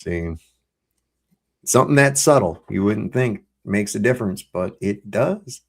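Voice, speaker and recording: A middle-aged man with a low, gravelly voice, swearing freely as he spins a laid-back story. He hosts a live online talk show and talks in an easy, unhurried way. The grit in his voice stays steady under everything he says. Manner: loose, profane storytelling. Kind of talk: casual chat.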